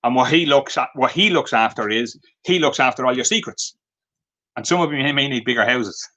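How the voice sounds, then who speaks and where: A man's voice: medium pitch, a little fast, pushed and bright, rough recording. An Irish man in a live video stream, a craft vendor showing off his handmade pieces and telling light-hearted stories, with many fillers. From Ireland. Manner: chatty storytelling with many fillers. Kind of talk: live product demonstration.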